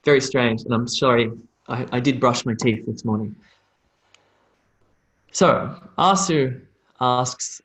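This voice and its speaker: A man teaching a live online English lesson, reading out student questions and demonstrating sounds slowly and repeatedly in a relaxed, chatty way. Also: mid-range voice, rough recording.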